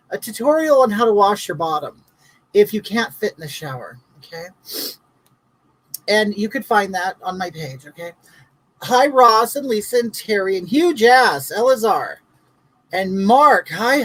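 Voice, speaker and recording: A woman's voice: medium pitch, rough recording. A woman hosting a comedic live stream, chatting in a campy way and greeting viewers by name.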